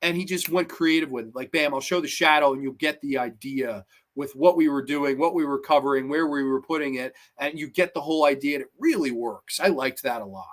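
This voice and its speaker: A man's voice: medium pitch, fairly quick. A man hosting a livestream horror movie review, rambling enthusiastically and reading chat messages. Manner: enthusiastic, rambling fan talk.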